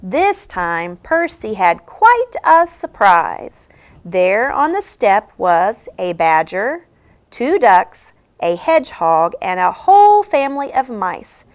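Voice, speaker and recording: A woman reading a children's picture book aloud in a slow, expressive, sing-song way. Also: mid-range voice. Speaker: storybook reader.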